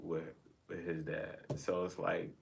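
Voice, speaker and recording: Deep-voiced blunt man. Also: monotone, measured pace, creaky, a little hiss or hum. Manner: blunt, profane and emphatic. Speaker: podcast co-host. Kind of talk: casual group chat.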